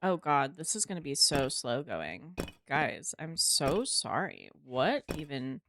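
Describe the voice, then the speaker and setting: A woman's voice: deep voice, big pitch swings, slow pace, fairly bright tone, a little hiss or hum. A woman streaming a game live, chatting casually to her viewers, swearing freely and talking to herself as she plays.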